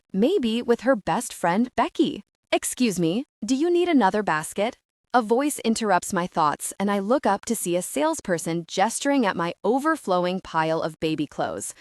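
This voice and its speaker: A woman narrating a comic audiobook in the first person. Her reading is gushing, breathless and excitable. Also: mid-range voice, dry recording, clean studio sound.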